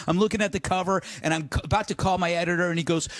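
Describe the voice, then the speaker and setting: A man's voice: fairly high pitch, rapid-fire, few pauses, a bit bright. A man hosting a late-night comedy talk show, telling a rambling story with self-mocking asides. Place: TV studio with live audience. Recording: studio audience audible. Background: audience laughter.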